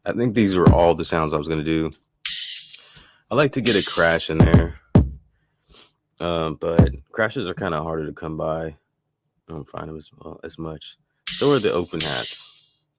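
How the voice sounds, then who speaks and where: A man's voice: extremely low pitch, moderate pace, long pauses, loud music behind the voice. A man hosting a casual live-stream beat-making tutorial, talking in a loose, rambling way with lots of fillers and restarts.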